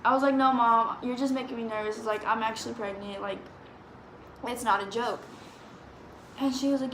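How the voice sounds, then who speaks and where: A woman's voice: a little high, steady tone, brisk, fairly bright tone. A woman, chatting through a story and quoting people as she goes. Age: 20s. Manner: rambling, quotes people with "I was like". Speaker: vlogger. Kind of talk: storytime chat. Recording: echoey room with background noise.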